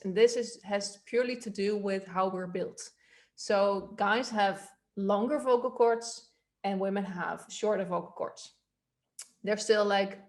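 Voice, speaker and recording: A woman voice coach teaching a workshop, explaining in a relaxed way with filler words. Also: mid-range voice.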